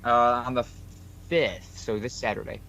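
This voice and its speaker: A man's voice: mid-range voice, little pitch movement, measured pace, creaky, fairly bright tone, lo-fi sound, slight background noise. A man co-hosting a podcast, casually retelling a story full of quoted dialogue. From New York. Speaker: podcast co-host.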